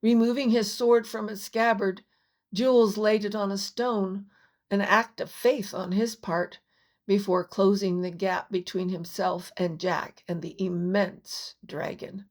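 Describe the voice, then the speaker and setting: A woman's voice: mid-range voice, steady tone, darkish tone. A woman reading her own children's fantasy story aloud as an audiobook. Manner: slow, unhurried storytelling. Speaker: author and narrator. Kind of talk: audiobook narration.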